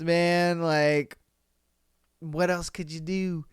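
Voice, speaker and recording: Profane, animated male podcast host. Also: sits high, measured pace, smooth, dry recording, studio quality. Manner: profane, animated, reacts loudly, laughs often. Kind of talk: casual solo commentary on reader posts.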